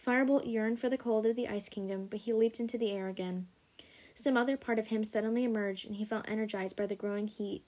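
A woman hosting a story podcast, reading a story aloud in a steady, even way. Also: medium pitch, fast.

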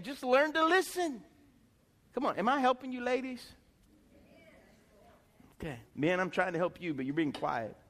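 A middle-aged man preaching a sermon in a folksy, animated way, with chatty asides to the congregation. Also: high voice, long reverb tail. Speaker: pastor.

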